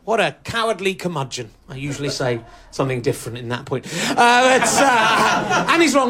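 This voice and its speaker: A man doing a stand-up comedy set on stage, deadpan and ironic, sometimes working himself up into mock outrage. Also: sits high, normal speed, few pauses, over a noisy crowd. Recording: live audience laughter. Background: audience laughing.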